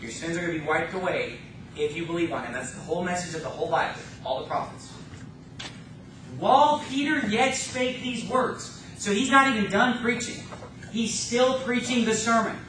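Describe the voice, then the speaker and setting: A man pastor preaches with fervor, slowing down to read scripture and speeding up to scoff at other churches. His voice is high and sharp. It rings around an echoey church room with a faint hum behind it. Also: expressive, recorded from a distance. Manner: fervent preaching, scripture quoted slowly, mocking asides. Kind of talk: sermon. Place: church sanctuary.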